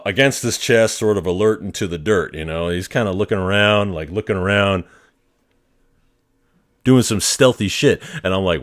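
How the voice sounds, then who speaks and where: A podcast host recounts a wild night out in a relaxed, profane storytelling manner. His voice sits low but swings widely in pitch as he acts out the moments, with a chuckle never far away. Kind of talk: casual anecdotal storytelling.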